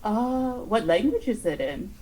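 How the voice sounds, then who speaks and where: A woman's voice: medium pitch, sing-song, measured pace, warm tone, low-quality recording. A woman player in a tabletop game session, talking in a playful, joking way with a mid-range voice. She rambles cheerfully while narrating what her character does. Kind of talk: tabletop role-play.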